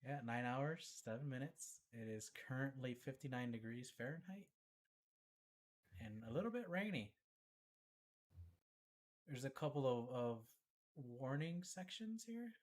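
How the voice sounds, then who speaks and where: A man's voice: medium pitch, animated, measured pace, pauses often. A man co-hosting a casual podcast, teasing and cracking jokes. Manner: teasing, wisecracking. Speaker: podcast co-host. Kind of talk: casual profane podcast banter.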